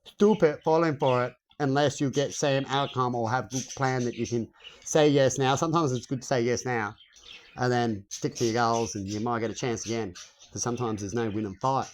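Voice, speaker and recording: A man's voice: mid-range voice, steady tone, normal speed. Guy rambling into his phone, swears, keeps asking "right?", faint noise in the background. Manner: rambling, swearing, chuckling asides, rhetorical questions. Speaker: vlogger. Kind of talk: rambling casual monologue to camera.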